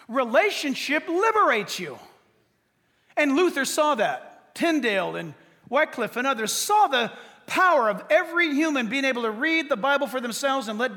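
A pastor preaching a sermon in an animated, storytelling way, speaking straight to his congregation. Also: extremely high pitch, long reverb tail.

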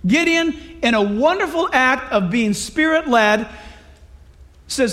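A male pastor delivering a sermon in a notably high voice. He tells the story with animated energy and slips in playful voices for the people in the text. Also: slow. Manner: animated, acts out voices of Bible characters.

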